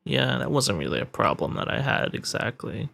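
A man hosting an improvised comedy call-in show, answering callers with easygoing, deadpan replies. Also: fairly low pitch, moderate pace, gravelly, husky.

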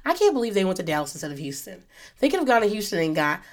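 A woman's voice: mid-range voice, very animated, rapid-fire. Woman podcast host, thirties, casual solo rant, profane, rambling tangents, close podcast mic. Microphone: podcast microphone.

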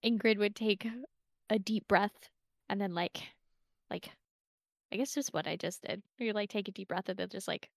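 A woman's voice: mid-range voice, steady tone, moderate pace, gravelly, pauses often, no room sound, clean studio sound. A woman playing a tabletop game, speaking casually and reacting to the others. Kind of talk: casual tabletop role-play.

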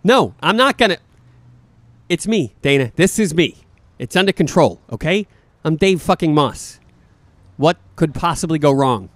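An actor playing a brash, foul-mouthed man who boasts loudly and shouts curses. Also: on the high side, expressive, normal speed, no echo. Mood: defiant. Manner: loud, profane, escalating shouts.

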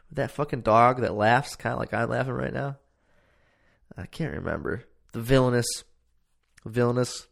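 A man's voice: medium pitch, moderate pace, creaky. A man hosting a casual solo podcast from his home podcast room, rambling and swearing freely and poking fun at himself. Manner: rambling, profane, self-mocking. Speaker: podcast host.

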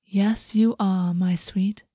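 A woman reading a storybook and voicing an older fae woman mentor who speaks softly and fondly. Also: mid-range voice, moderate pace, no room sound, studio quality, natural voice. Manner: soft, warm, murmuring.

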